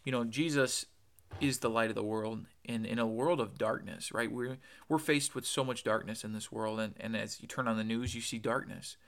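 Gravelly-voiced man preaching a podcast sermon. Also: fairly low pitch, steady tone, normal speed, a bit bright. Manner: earnest, emphatic, quotes scripture, repeats words.

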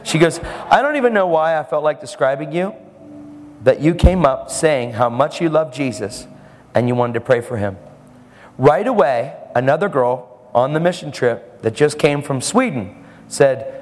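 A man's voice: on the high side, animated, normal speed, in a large hall, a little hiss or hum. A man preaching a sermon, telling a story and acting out the lines of the people in it.

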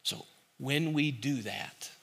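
A man delivers a sermon with a bright, forceful tone and a voice pitched in the middle range. He preaches earnestly but conversationally, leaning on repeated phrases to drive each point home. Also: slow, creaky, breathy edge. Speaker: pastor.

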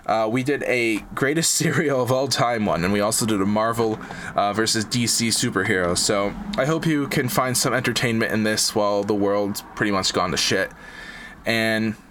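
A man's voice: medium pitch, fairly bright tone. A man hosting a casual podcast, rambling a bit with lots of fillers and restarts. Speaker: podcast host. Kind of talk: casual chat.

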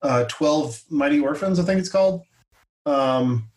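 A man's voice: on the high side, unhurried, a little mellow, recorded from a distance. Male podcast co-host, thirties, rambling casual chat, set back from the mic in a roomy space. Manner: rambling, chatty, hesitant with fillers. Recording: echoey room, a bit off-mic.

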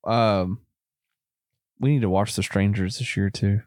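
A man with a Southern US country accent chats loosely about films on his podcast, tossing in "bro" and "man". His voice sits somewhat low. The sound is dry and close. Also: steady tone, unhurried, darkish tone, no room sound. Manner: laid-back, rambling, says bro and man. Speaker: podcast co-host. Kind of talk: casual chat.

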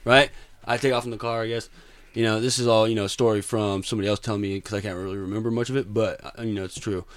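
A man's voice: fairly low pitch, steady tone, rapid-fire. A young man telling his story in casual chat, swearing often and calling people dude and bro.

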